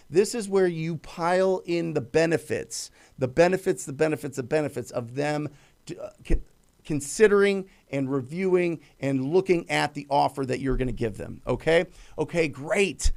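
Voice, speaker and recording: A man's voice: fairly high pitch, creaky, a little mellow. A middle-aged man hosting a live show, coaching with emphatic repetition and acting out sample phone calls. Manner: emphatic, repeats key phrases, acts out sample calls. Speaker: live show host teaching real estate cold calling. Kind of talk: energetic live coaching talk.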